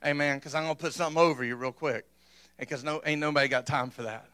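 A man's voice: a little high, steady tone, quick pace, sharp tone. A male pastor preaching an emphatic sermon, constantly checking in with the congregation. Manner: emphatic, punctuates points with "amen?".

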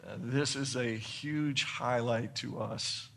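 A man preaching a sermon, reading scripture and explaining it earnestly, building to excited emphasis and then dropping soft for points. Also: mid-range voice, slow pace, vocal fry, slight background noise. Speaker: pastor.

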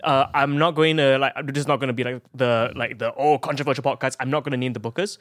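A man from Singapore, a guest comedian in casual podcast chat, with crisp, over-enunciated vowels and a playful manner. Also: medium pitch, steady tone, quick pace, fairly bright tone, no echo, clean studio sound. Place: podcast studio.

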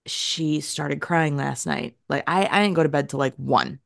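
A woman in her thirties co-hosting a podcast, chatting casually and telling stories in a lively, animated way. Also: sits low, measured pace, gravelly, no echo, clean studio sound. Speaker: podcast co-host. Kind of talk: casual chat.

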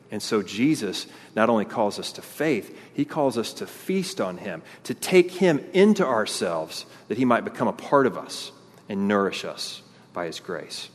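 A pastor, preaching an animated sermon and acting out the crowd's voices. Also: male voice, mid-range voice. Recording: long hall reverb.

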